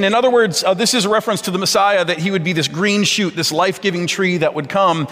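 A man's voice: high voice, fast, few pauses, fairly bright tone. A man preaching a sermon as a pastor, earnest and conversational, often restarting his words. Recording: long reverb of a large hall.

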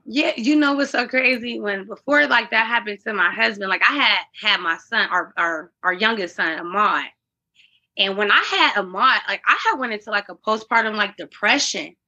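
Husky, bright-voiced woman, earnest guest. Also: medium pitch, normal speed, muffled recording. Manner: earnest, faith-driven, with many fillers and restarts. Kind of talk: candid conversational interview.

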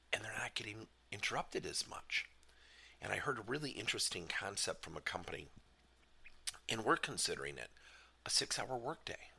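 Animated man with a gravelly, bright voice. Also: deep voice. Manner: animated, emphatic, asks many questions. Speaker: leadership coach. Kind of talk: motivational business talk.

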